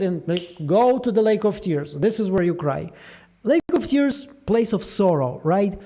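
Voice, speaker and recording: High-voiced man musing over show theories. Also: normal speed. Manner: musing aloud, animated, trailing fillers. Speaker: show theory channel host. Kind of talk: casual theory breakdown.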